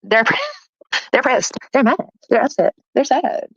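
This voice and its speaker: A woman's voice: high voice, wildly swooping pitch, measured pace, slightly rough, dry recording, highs cut off. A woman hosting a casual livestream chat, taunting and mocking her critics and laughing often. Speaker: livestream host.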